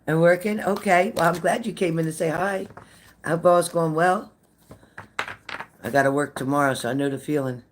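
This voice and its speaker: A woman's voice: deep voice, normal speed, slight background noise. An older woman, a psychic medium, chatting casually with viewers on a live stream, greeting them by name and repeating herself.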